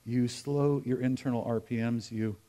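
A man's voice: mid-range voice, steady tone, normal speed, mellow. A middle-aged American pastor preaching a humorous, conversational sermon to his congregation, with asides to the people in the pews. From United States. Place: church sanctuary.

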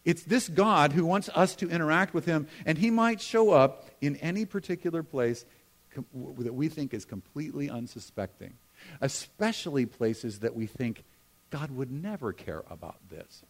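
Conversational preaching man, raised pitch. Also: animated, normal speed. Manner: conversational, self-deprecating asides, swings from emphatic to hushed. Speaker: pastor. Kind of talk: sermon.

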